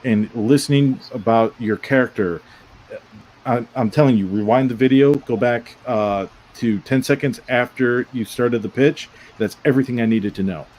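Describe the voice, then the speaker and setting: A man judging pitches on a casual online panel, giving direct, emphatic coaching advice. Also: moderate pace, a little mellow, low-quality recording. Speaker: panel judge.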